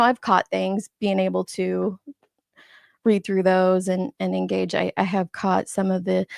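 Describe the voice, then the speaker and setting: A woman's voice: medium pitch, vocal fry, dry recording, clean studio sound. A woman in her forties hosting a casual live stream, chatting and laughing as she greets viewers by name. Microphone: streaming setup microphone.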